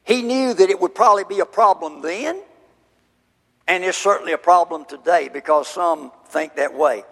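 A high-pitched man with a gravelly edge preaches at a slow, deliberate pace. His emphatic exposition of scripture rings with long hall reverb. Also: fairly bright tone. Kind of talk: sermon.

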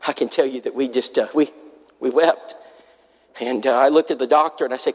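Earnest preacher in a reverberant hall. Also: male voice, medium pitch, steady tone, a little fast. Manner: earnest, acts out quoted voices. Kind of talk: sermon storytelling.

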